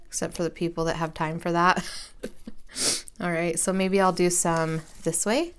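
Woman, 30s, lowish voice, rambling self-deprecating craft vlogger talking at her desk. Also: level tone, a little slow, slight background noise. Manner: chatty, rambling and self-deprecating, with slangy asides. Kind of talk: casual craft tutorial chat.

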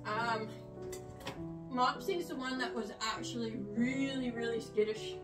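An older woman showing her rabbits in a casual vlog, rambling with fillers and talking softly to the animals, recorded in a shed. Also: on the high side, steady tone, measured pace. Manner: soothing, coaxing with animals. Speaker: homesteader. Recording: echoey, distant from the mic, music behind.

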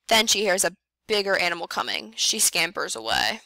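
A woman reading a picture book aloud to young children, slow and clear, with playful animal sounds. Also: dry recording. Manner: reads slowly and clearly, voicing animal sounds with lively jumps in pitch. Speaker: first grade teacher reading aloud.

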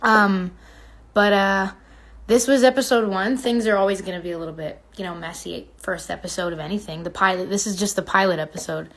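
A woman's voice: mid-range voice, fairly even intonation, fairly quick, fairly bright tone. A young woman in her twenties hosting a casual phone livestream, chatty and playful, reading comments aloud and humming between remarks. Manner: chatty, playful, reads comments aloud, hums and breaks into song.

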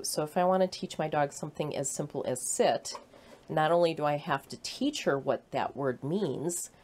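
A woman giving a patient, clear presentation to children about how animals learn. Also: low-pitched, darkish tone, a little hiss or hum. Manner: clear, patient explaining with playful acted quotes. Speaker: humane society educator.

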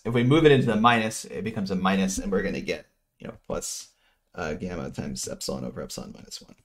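Middle-aged guy lecturing econ, low voice, rambles, cuts himself off a lot, mutters asides. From New Jersey. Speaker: economics lecturer. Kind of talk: casual lecture, working through equations.

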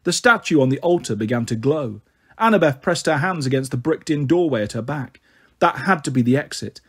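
A man narrating a storybook in a steady, even manner. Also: mid-range voice, a little fast, husky. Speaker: audiobook reader.

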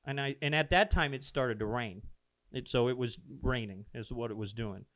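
A man's voice: mid-range voice, normal speed, no echo. Earnest man telling a story on a podcast. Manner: earnest, animated retelling with quoted dialogue. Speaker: pastor telling a founding story. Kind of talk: casual storytelling conversation. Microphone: podcast microphone.

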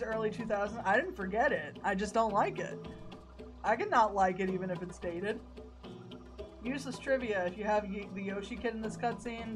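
A young adult woman streamer giving casual, sarcastic commentary while playing a game. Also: medium pitch. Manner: wry, sarcastic, laughs often. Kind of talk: casual let's-play commentary.

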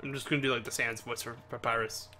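A man's voice: mid-range voice, fairly even intonation, quick pace, pushed and bright, faint music behind. A man giving casual gameplay commentary in a laid-back, joking way. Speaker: let's player.

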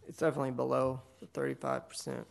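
Male city planner, heavy fry, monotone delivery, brisk report with fillers. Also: mid-range voice. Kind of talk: staff report at a public meeting.

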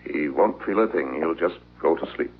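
A man's voice: low-pitched, moderate pace, noisy background, lightly acted. An actor playing a stern, curt male country veterinarian, in an old film. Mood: calm. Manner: curt and dismissive. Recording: tinny old film soundtrack, faint music.

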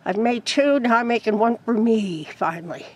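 Chatty higher-voiced woman by a chicken coop. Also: lively intonation, moderate pace, darkish tone. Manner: chatty and rambling, laughs often. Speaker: crochet vlogger. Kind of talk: casual vlog chat.

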